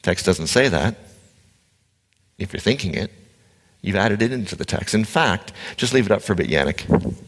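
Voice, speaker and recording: A man with a fairly low voice preaches in a loose, conversational way, blunt and quick to joke at his own expense. His words ring out with a long reverb from the hall around him. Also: breathy edge. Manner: animated, joking, blunt. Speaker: pastor. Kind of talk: conversational sermon with slides.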